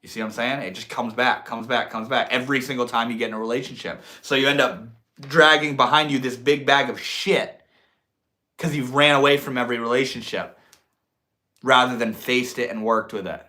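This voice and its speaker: A young man hosting a livestream, talking in a reflective, drawn-out way and swearing casually. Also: medium pitch, steady tone, sharp tone. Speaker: livestream host.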